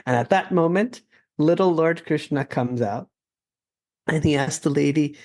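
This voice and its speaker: Podcast host, male, slightly high voice, earnest reflective storyteller, casual delivery. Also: measured pace, vocal fry, a little mellow.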